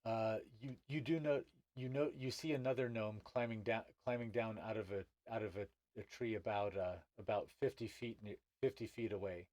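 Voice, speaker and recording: A man running a tabletop game as game master, narrating in a halting way with many restarts. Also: lowish voice, steady tone, darkish tone, no room sound.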